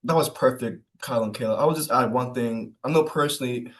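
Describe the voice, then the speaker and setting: Fast-talking man on a webinar panel. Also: medium pitch, fairly bright tone. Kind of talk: casual panel discussion.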